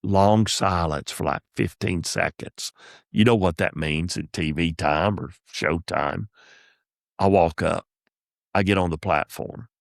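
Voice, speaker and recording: A middle-aged man with a low, gravelly voice spins folksy stories in an easy drawl. He sounds like a comedian hosting his own podcast. The recording is close and dry, with no room sound. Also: measured pace, no echo. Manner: folksy, drawling, animated retelling of anecdotes. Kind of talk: casual storytelling.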